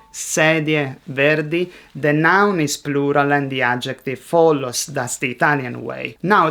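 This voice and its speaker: A man teaching Italian, reading out quiz questions and answer options in a slow, deliberate scripted narration. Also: high-pitched, sharp tone.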